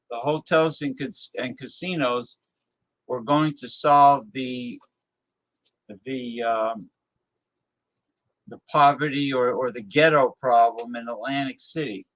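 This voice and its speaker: Slow-talking, blunt male host. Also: mid-range voice. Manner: blunt, scornful, grumbling. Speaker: live-stream talk show host. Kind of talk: casual ranting monologue, reacting to viewer chat.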